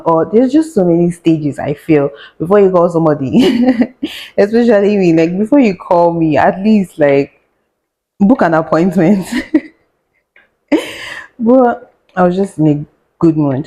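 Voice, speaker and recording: Her voice sits low with a dark tone, and the recording is rough. She's a young doctor and vlogger doing a casual storytime as she cooks, sarcastic and talkative, with laughter and self-directed muttering.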